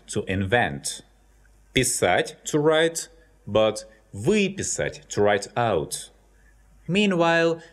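A man with a Russian accent, a native Russian teacher, giving a scripted language lesson with slow, careful examples. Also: mid-range voice. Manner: slow, careful, with clearly spoken example words.

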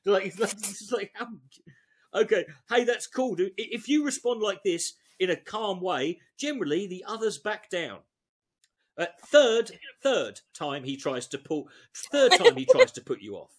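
Lively, high-voiced man cracking jokes. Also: moderate pace, slightly rough. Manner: profane, rambling, riffs between read passages. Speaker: host. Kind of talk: comedic reading of a self-help book.

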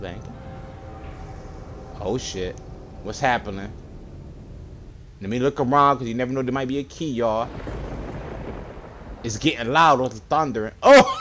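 A young man with a deep voice giving casual, excitable let's-play commentary, swearing and talking to his viewers as he plays. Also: a little hiss or hum. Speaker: gaming video creator.

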